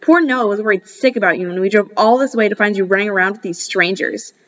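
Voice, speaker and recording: A woman's voice: medium pitch, fast talker, a bit bright, highs cut off, lightly acted. A woman voicing an angry, strict middle-aged mother who scolds shrilly. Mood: scolding.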